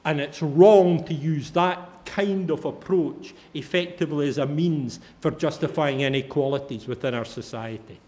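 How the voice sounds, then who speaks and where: A man's voice: a little high, moderate pace, few pauses, a little mellow. A middle-aged Scottish man giving a conference talk, telling anecdotes in a chatty way and swearing casually. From Fife, Scotland. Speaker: conference speaker. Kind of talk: humorous storytelling talk.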